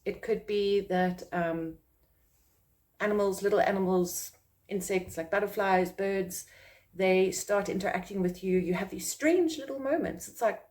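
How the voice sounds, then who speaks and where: A woman's voice: medium pitch, a little slow, a little mellow. A woman from South Africa, a psychic medium, talking casually to camera and acting out quoted reactions in a raised voice. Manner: rambling, with fillers and restarts.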